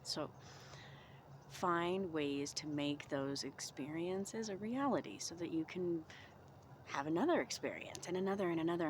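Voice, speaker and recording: A woman vlogging outdoors in the cold, talking through reflective self-help questions in a gentle, encouraging way. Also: low voice, animated, moderate pace, a little hiss or hum.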